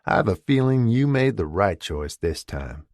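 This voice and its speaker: A man's voice: lowish voice, sing-song, unhurried, darkish tone, dry recording, clean studio sound. A man doing a drawling Southern charmer. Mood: teasing. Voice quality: elegant drawl. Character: charming American man from the South, teasing friend.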